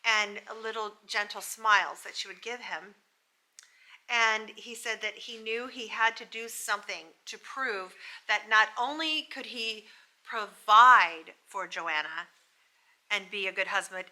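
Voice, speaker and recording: An American woman working as a psychic medium, emotionally retelling a spirit's story in a breathless, halting way. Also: medium pitch, pushed and bright.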